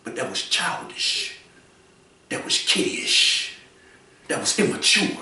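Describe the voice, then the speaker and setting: A man giving preachy advice to other people, repeating his points and often raising his voice to a shout. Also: mid-range voice, very animated, slow, vocal fry, very echoey, recorded from a distance. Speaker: commentator.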